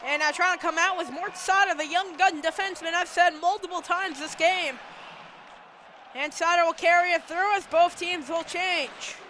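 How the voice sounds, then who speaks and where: Young male hockey play-by-play caller, very bright tone, light noise behind. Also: very high voice. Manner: rapid running call, rising to excited shouts on big saves. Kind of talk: live play-by-play commentary.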